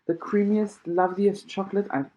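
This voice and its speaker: A man's voice: sits high, steady tone, normal speed, mellow, pitched above the performer's own voice, lightly acted. A man voicing a kindly, frail old grandfather who speaks in a reassuring way. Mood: fond. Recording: tinny phone-like sound.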